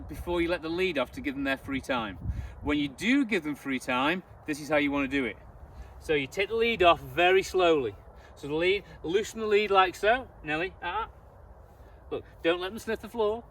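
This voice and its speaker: A man's voice: high-pitched, a bit bright. A man working as a dog trainer, giving emphatic, repetitive instructions during an outdoor training demonstration. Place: outdoors, open ground. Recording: distant voice with outdoor noise.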